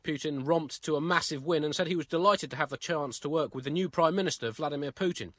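Husky-voiced man delivering deadpan comedy. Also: a little high, fast talker, dry recording. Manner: deadpan, mock-solemn delivery of jokes. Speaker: co-host. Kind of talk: scripted comedy podcast monologue and banter.

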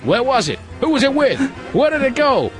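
Guy doing a loud pushy gumshoe, raised pitch, bit of music underneath. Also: expressive, fast. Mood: brash. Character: brash tough-talking male private detective.

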